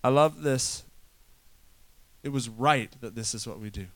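A man preaching a sermon to a room, swinging from loud urgent stretches to quiet soft ones. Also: mid-range voice, measured pace. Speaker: pastor.

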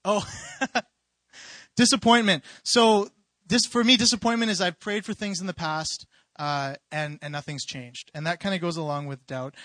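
A young man telling a story in an informal sermon, animated and rambling, with many restarts and fillers. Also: fairly high pitch, dry recording. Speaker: youth preacher.

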